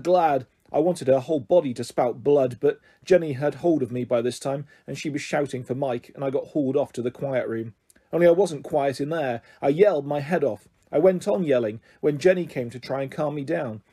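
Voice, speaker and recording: Husky, mellow-voiced man reading a story. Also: a little high. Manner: lively, expressive narration. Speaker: story reader. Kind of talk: reading a children's book aloud.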